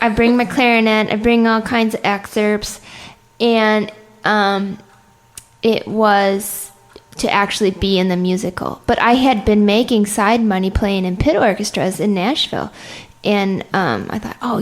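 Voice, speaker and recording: A woman comedian on a podcast, telling self-mocking stories in an animated way and laughing often through them. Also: medium pitch. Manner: many fillers and restarts. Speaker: comedian guest. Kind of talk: anecdotal interview chat.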